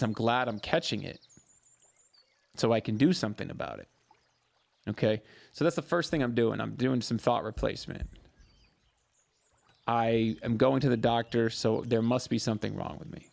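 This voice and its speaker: A man hosting a live mental health Q&A as a therapist, answering viewers in a warm, coaching way and repeating phrases for emphasis. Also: mid-range voice, moderate pace, vocal fry, pauses often. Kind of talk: live-stream advice answering viewer questions.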